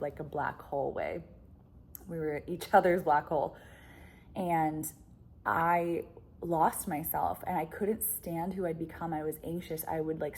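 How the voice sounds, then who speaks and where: Low-voiced woman in a blunt, chatty vlog. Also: mellow, slight background noise. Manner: chatty, filler-heavy, blunt and swearing, laughs often. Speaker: relationship coach vlogger. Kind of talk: candid casual monologue to camera.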